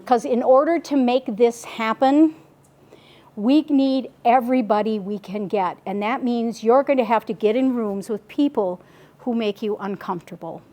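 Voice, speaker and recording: A woman's voice: a little high, normal speed. Chatty woman telling a meeting story. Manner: chatty and animated, with many asides and restarts. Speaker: local group member reporting to a meeting. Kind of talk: casual storytelling report. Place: meeting room.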